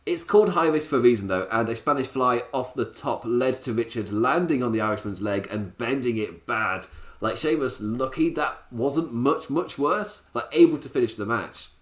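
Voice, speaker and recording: A man's voice: medium pitch, normal speed. A man reviewing a wrestling show in a casual, sarcastic way, often laughing. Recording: roomy echo.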